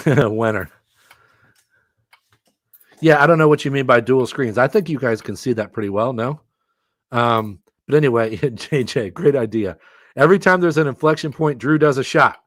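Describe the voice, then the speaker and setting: A middle-aged man hosting a live stream, commentating a fantasy football auction, excitable and quick to laugh at himself. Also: mid-range voice, no room sound, clean studio sound. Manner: excitable, self-mocking, laughs often.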